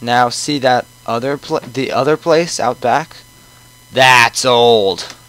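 A man's voice: medium pitch, fairly bright tone, low-quality recording. A man putting on a polite British old landlord. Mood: courteous. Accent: put-on British. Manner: slow, courteous, old-fashioned. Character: kindly old male landlord.

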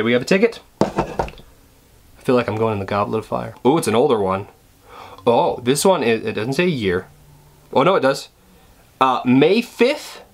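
A young man chats to camera from his room at home, rambling and joking at his own expense. He stumbles and restarts often, and his animated pitch jumps up and down as he goes. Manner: rambling and self-deprecating, with frequent restarts. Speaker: vlogger. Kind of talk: casual chat to camera. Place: bedroom at home, indoors.

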